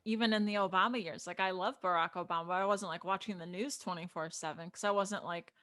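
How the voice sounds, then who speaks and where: Bright-voiced woman co-host chiming in. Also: lowish voice, steady tone, fast talker, dry recording, clean studio sound. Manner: backchannels a lot, chimes in briefly. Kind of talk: casual chat.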